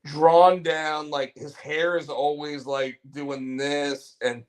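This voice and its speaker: Man co-host, casual chat, slightly high voice, slow delivery with repeated words. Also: little pitch movement. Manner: rambling, repeats words and restarts. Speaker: podcast co-host.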